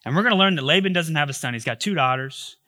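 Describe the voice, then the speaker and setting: A man's voice: a little high, animated, fast, pushed and bright, no echo, clean studio sound. A male pastor giving a sermon in a humorous, conversational way with joking asides.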